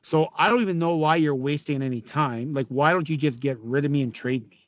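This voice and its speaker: A middle-aged man from Canada, a former hockey player, telling stories in an interview, with a raspy voice, laughing often and swearing freely. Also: on the high side, a little fast, no echo, highs cut off. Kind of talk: casual storytelling interview.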